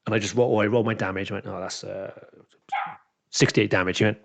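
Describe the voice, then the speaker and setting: A man's voice: lowish voice, fast talker, creaky, background noise. A man, a dungeon master and podcast co-host, chatting casually and animatedly acting out what his players said. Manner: animated storyteller who acts out what players said. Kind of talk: casual chat, telling a game story. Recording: dull lo-fi recording.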